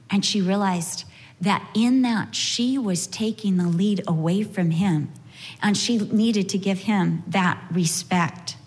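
A woman giving an earnest, storytelling talk on marriage, with touches of gentle humor, in sermon style. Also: medium pitch, slow, big-room sound. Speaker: speaker at a marriage session. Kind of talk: sermon-style teaching with anecdotes.

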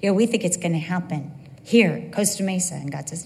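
A middle-aged woman preaching a sermon in a church, lively and humorous, acting out bits of dialogue with quick asides. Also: fairly low pitch, creaky. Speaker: women's Bible teacher. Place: church sanctuary. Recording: long hall reverb.

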